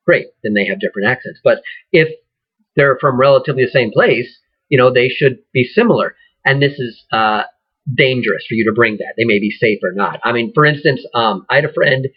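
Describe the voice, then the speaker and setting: A man with a mid-range voice and a breathy edge teaches acting in a laid-back, conversational way, often restarting sentences while he thinks aloud. The audio is a dull lo-fi recording.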